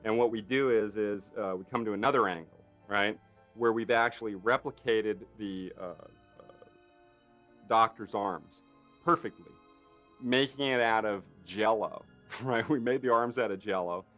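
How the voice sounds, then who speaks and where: Man, low voice, animated anecdote, effects artist, lots of fillers, faint background music. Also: unhurried. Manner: lively storyteller who acts out quotes; frequent fillers and tag questions. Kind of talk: anecdotal interview.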